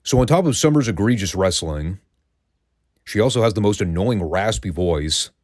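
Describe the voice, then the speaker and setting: A man's voice: fairly low pitch, lively intonation, moderate pace, darkish tone, no room sound, clean studio sound. A man hosting a review podcast, ranting in a sarcastic, profane way. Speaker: podcast host reviewing wrestling.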